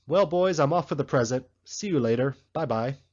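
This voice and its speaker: A man voicing a sardonic male political loafer in a storybook reading, husky and slightly muffled. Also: medium pitch, animated, normal speed, close to an everyday voice.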